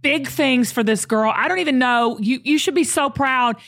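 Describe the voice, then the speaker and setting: A woman's voice: high voice, moderate pace, a bit bright. Playful, effusive woman host. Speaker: podcast host. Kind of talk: casual chat.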